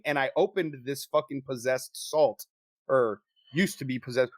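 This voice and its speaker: A man co-hosting a podcast, telling a story in casual chat with lots of swearing and animated delivery. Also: fairly high pitch, normal speed, no echo, studio quality. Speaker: podcast co-host.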